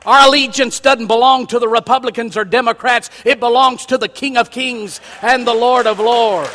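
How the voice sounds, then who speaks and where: A pastor preaching a sermon in a high, bright voice that climbs into loud, emphatic calls. His words ring out with a long reverb, the sound of a big church sanctuary. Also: fairly even intonation, moderate pace.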